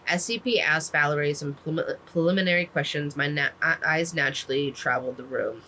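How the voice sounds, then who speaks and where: A woman's voice: low voice, brisk, sharp tone, slight background noise, low-quality recording. A woman casually recapping a book, rambling with lots of "like" fillers and the odd swear word. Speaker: book reviewer.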